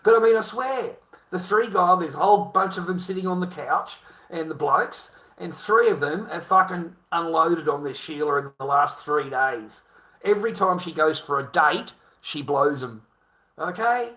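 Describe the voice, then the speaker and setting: Brief: middle-aged Australian bloke, fairly high voice for a man, swears constantly, heated rambling rant. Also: expressive, moderate pace, pushed and bright, low-quality recording. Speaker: vlogger. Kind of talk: casual rant to camera.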